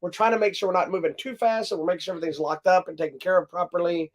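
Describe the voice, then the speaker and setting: A podcast co-host from Texas chatting casually, clearing the throat often and telling a long trip story with many restarts. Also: mid-range voice, steady tone, very fast. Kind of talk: casual chat.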